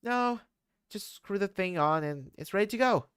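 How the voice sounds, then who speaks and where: Man putting on a sarcastic teen guy, lively pitch, profane jabs, dry sound. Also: normal speed, clean tone, no room sound. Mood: deadpan. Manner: mocking, profane, deadpan jabs. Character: laid-back sardonic teen boy.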